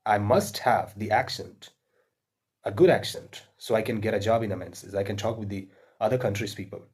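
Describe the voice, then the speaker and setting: A man's voice: on the low side, a little fast, a little mellow, slightly rough. A man with an Indian accent giving earnest, repetitive spoken advice to English learners, with frequent fillers and restarts.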